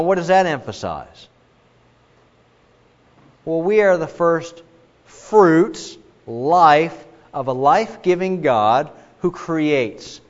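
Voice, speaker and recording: A man preaching a sermon in an emphatic way, with many asides and restarts. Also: fairly high pitch. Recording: muffled, with long reverb in a large hall.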